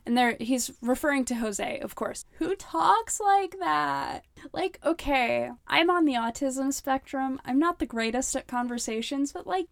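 A young woman rants on her book-critique podcast, sarcastic and exasperated, padding her talk with "like" and the odd curse. Her voice sits a little high. She sounds close and dry on the mic, with no room around her. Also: lively intonation, a little slow, gravelly, no room sound. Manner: sarcastic, ranting, many "like" fillers, swears. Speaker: podcast host. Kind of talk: casual comedic book critique.

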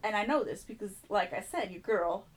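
A woman's voice: mid-range voice, animated, fairly quick, husky. A woman hosting a podcast, telling an exasperated, profanity-laced story in casual chat. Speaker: podcast host.

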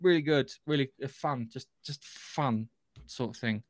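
A man's voice: mid-range voice, measured pace, no echo. Podcast co-host, man, rambling anecdotes, dry close mic. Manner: rambling storyteller, acts out quotes. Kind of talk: casual chat.

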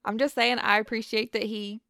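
A woman's voice: a little high, level tone, normal speed, pushed and bright, no room sound, clean studio sound. A woman co-hosting a casual podcast, teasing her partner and laughing often. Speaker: podcast co-host. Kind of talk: casual chat.

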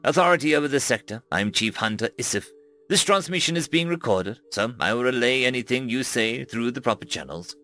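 A man voicing a menacing alien chief hunter with a throaty, croaking voice and cold, formal courtesy. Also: medium pitch, expressive, fairly quick, sharp tone, soft background music. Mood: commanding.

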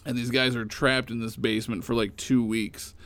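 Gravelly man telling stories casually. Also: medium pitch, moderate pace, no room sound. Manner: rambling, animated storytelling with fillers. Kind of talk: casual chat retelling comic stories.

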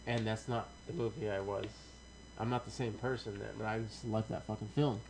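A man's voice: fairly low pitch, steady tone, a little fast, rough recording. A man in his thirties in casual podcast chat, rambling and swearing often. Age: 30s. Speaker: podcast co-host. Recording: faint hum, quiet mic.

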